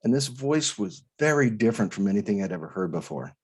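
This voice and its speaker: A man from Idaho recounts a personal experience as an interview guest, his voice low-set and somewhat husky. He talks earnestly and haltingly, restarting phrases and acting out the voices he heard. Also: big pitch swings, darkish tone. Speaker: guest, author. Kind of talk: storytelling interview.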